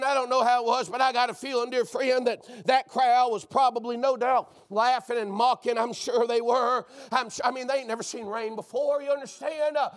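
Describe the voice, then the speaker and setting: A man preaching a fervent sermon, breaking into shouts and calling out to his listeners as dear friend. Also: very high-pitched.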